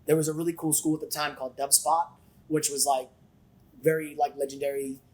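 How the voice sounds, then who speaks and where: A man on a podcast as a guest, telling stories in an animated way with lots of swearing. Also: on the high side, a little fast, rough recording. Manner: animated, profane storyteller who acts out quotes. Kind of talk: casual storytelling chat.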